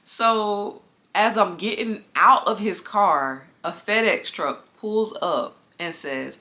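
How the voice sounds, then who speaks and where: A woman's voice: lowish voice, expressive, slow, bright, forceful tone. A woman telling a personal story to her viewers in a casual storytime vlog, chatty and talking to them directly. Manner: chatty, addresses viewers as y'all. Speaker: lifestyle vlogger.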